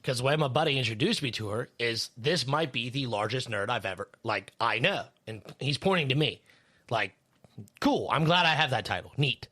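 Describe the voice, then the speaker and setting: Bright-voiced rambling podcast guy. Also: mid-range voice, expressive, moderate pace, slightly rough. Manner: rambling, swears a lot, many fillers. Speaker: podcast co-host; third shift worker. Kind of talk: casual podcast chat.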